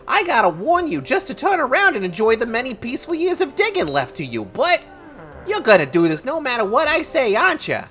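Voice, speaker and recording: A woman's voice: on the high side, fairly bright tone, voice pushed up. A woman voicing a brash, scheming male cartoon cat, reading game dialogue in a nasal, brassy put-on voice.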